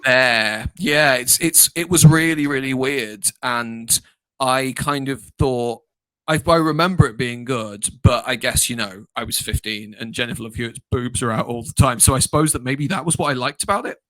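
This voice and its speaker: A man's voice: medium pitch, normal speed, fairly bright tone, no room sound. A man in his thirties co-hosting a podcast, chatting casually and animatedly, laughing and retelling scenes in little put-on voices. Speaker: podcast co-host. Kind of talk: casual chat. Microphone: home mic on a stream.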